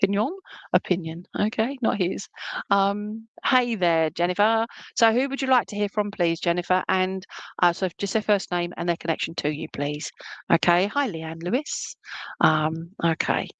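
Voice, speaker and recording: Lady medium doing an online reading, lowish voice, dry close sound, chatty and fond, lots of ums. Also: moderate pace, dry recording. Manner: chatty and affectionate, many fillers. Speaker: spiritualist medium. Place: at home.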